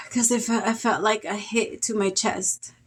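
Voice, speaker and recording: Woman tarot reader, casual and heartfelt, rambling delivery with sighs, mid-pitched voice. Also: steady tone, takes it slowly, a bit bright, slight background noise. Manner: emotional, rambling, with sighs and laughs. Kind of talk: casual spoken tarot reading.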